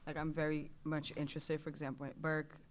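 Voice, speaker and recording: A school committee member giving feedback at a public meeting, speaking haltingly with many fillers. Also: mid-range voice, monotone, a little hiss or hum.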